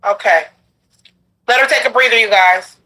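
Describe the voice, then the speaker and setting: A woman's voice: medium pitch, moderate pace, bright, forceful tone, low-quality recording. A woman hosting a talk show who soothes her guest and talks to the audience, repeating herself. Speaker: host.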